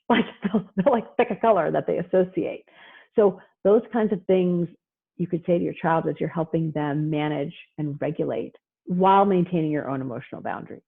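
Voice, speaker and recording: Husky woman giving a lively parenting talk. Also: on the low side, brisk. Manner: animated, playfully mimics parents and kids. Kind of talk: lively lecture with acted-out quotes. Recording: tinny phone-like audio.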